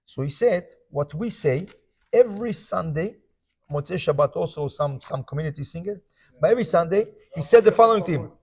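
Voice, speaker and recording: A man teaching a Talmud lesson as a rabbi, his voice sitting high for a man. He tells the story with animation, slips into the voices of the people he quotes, and keeps checking in with his listeners. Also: lively intonation, fairly quick, darkish tone, slightly rough. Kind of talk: Talmud class.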